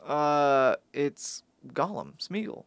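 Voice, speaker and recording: A man's voice: on the high side, big pitch swings, slow pace, vocal fry, very noisy. A man co-hosting a podcast in casual chat, arguing his points insistently with a nasal voice. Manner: argumentative, insistent. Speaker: podcast co-host.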